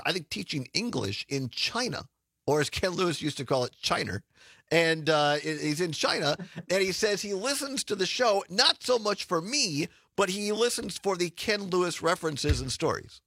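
Lively bright-voiced radio host. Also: male voice, high voice, moderate pace, dry recording. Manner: chatty, self-deprecating, restarts often. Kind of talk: casual radio interview.

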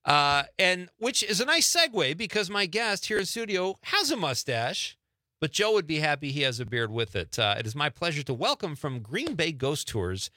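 Upbeat radio host, man, bright voice, dry studio sound. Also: on the high side, big pitch swings, no echo. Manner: chatty, upbeat, quick follow-up questions. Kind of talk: casual talk radio chat.

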